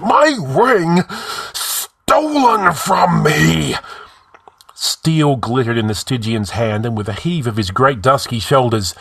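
A man narrating a fantasy tale in an audiobook reading. His voice is low and husky, and his delivery is measured and dramatic. The recording is close and dry. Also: dry recording.

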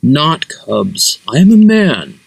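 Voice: mid-range voice, big pitch swings, slow pace, vocal fry, slightly rough, dry recording, heavily acted, poor audio. Earnest worried young guy who was a bear, pleading, voice rises and falls a lot, narrator puts him on. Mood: anxious. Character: young man cursed as a bear, earnest and anxious.

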